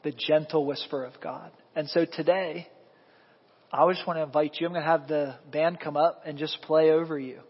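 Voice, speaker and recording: A man preaching a sermon as pastor, animated and quizzing the congregation with questions. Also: a little high, normal speed, slightly rough. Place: church sanctuary. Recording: echoey hall, dull lo-fi sound.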